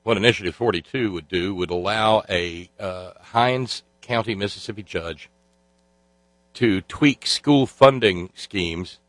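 Male talk host, lowish pitch, close dry sound; sardonic, rambling commentary. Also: unhurried, fairly bright tone, no echo, low-quality recording. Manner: sarcastic, rambling with many filler sounds. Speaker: radio talk show host.

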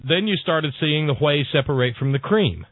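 A man's voice: on the high side, lively intonation, moderate pace, no room sound. A man hosting a political talk radio show, rambling and stumbling over his words with many fillers. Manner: rambling, full of hesitations and repeated words. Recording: dry, tinny phone-like broadcast audio.

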